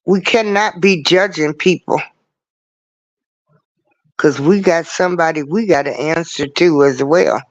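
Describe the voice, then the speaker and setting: A man's voice: fairly high pitch, measured pace, pauses often, lo-fi sound. A man hosting a casual livestream show, talking earnestly and in a preachy way, repeating his points as he speaks into a computer mic.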